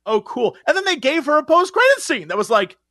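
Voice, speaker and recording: A man's voice: very high-pitched, huge pitch swings, fast talker, bright, forceful tone, no room sound. A man co-hosting a podcast, chatting casually and animatedly, acting out quotes in mocking voices. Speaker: podcast co-host. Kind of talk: casual chat.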